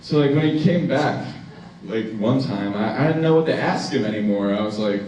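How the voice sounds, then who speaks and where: A man's voice: lowish voice, normal speed, darkish tone. A young man doing stand-up, telling laid-back anecdotes about roommates. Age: young adult. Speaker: student stand-up comic. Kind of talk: stand-up comedy. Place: large university hall, live audience. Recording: echoey hall, distant mic.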